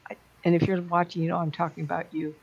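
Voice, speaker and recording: Blunt gravelly woman, lo-fi sound. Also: lowish voice, little pitch movement, quick pace, darkish tone. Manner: blunt and plain-spoken. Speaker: psychic medium speaker. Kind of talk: talk to an online audience. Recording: dull lo-fi sound.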